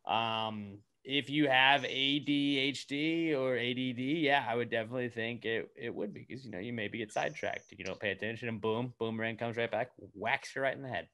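Bright, clear-voiced male podcast host. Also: mid-range voice, fairly quick, hardly any pauses. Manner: laid-back, reads listener questions aloud. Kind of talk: casual podcast chat.

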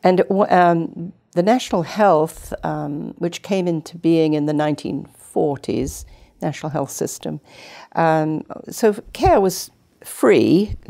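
A retired nurse in her 70s, speaking in a low, gravelly voice, guests on a casual storytelling interview in a community TV studio. She takes her time but stays chatty, telling animated anecdotes.

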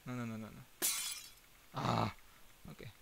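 A man's voice: medium pitch, flat delivery, unhurried, creaky, noisy background. A man streaming a horror game, jumpy and nervous, laughing and muttering to himself.

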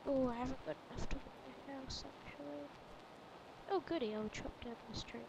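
A woman giving gameplay commentary, chattering to herself with sudden excited exclamations. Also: high voice, fairly quick, creaky, background noise. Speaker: let's play gamer.

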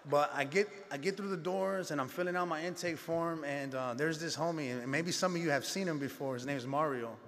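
A man's voice: fairly high pitch, fairly quick, hardly any pauses, fairly bright tone. Man telling his story in a reverberant hall. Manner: conversational storytelling with street slang; acts out dialogue in his story. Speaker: speaker sharing his life story at a gala. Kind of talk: personal testimony speech.

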